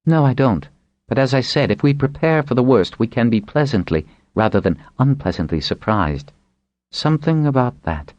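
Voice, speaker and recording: A man voicing a commanding, sharp-witted woman who leads dragonriders in an audiobook, speaking firmly and persuasively. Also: mid-range voice, animated, moderate pace, no echo, dull audio, voice pushed up, close to an everyday voice.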